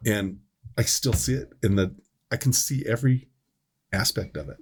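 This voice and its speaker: A man's voice: lowish voice, normal speed, husky. A middle-aged man on a medical podcast, telling a long story in casual chat, often stopping to correct himself. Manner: rambling, self-correcting storyteller. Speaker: podcast host, EMS worker.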